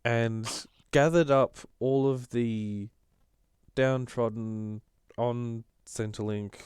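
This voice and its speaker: An Australian man co-hosting a political podcast, talking in an animated, casual way and often restarting his sentences. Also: medium pitch, extremely slow, clear, resonant tone, dry recording. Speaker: podcast co-host.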